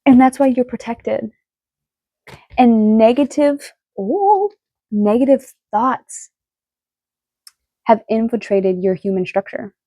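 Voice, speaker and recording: Excitable, swearing woman tarot reader. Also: on the high side, slow pace, pauses often, dry recording. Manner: excitable, emotional, swears freely. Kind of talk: casual tarot reading.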